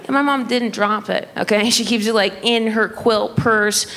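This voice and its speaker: A woman's voice: on the high side, steady tone, moderate pace, a bit bright. A young woman performing a chatty, self-mocking stand-up routine, often laughing into her punchlines. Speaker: stand-up comedian. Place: comedy club stage. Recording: live club crowd and noise. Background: audience laughter.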